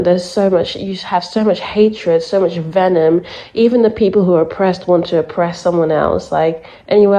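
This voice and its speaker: Woman, spiritual reader, chatty emphatic monologue, warm mellow tone, muffled lo-fi sound. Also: mid-range voice. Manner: chatty, emphatic, many fillers. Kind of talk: casual monologue to camera.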